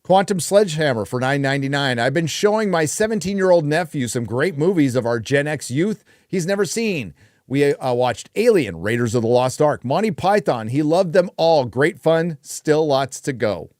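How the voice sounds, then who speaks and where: A man's voice: a little high, animated, normal speed, a little mellow, dry recording, clean studio sound. A man hosting a casual livestream chat, ranting with plenty of swearing and reading out viewer donations. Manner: profane, ranting. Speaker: host; reads viewer donations aloud.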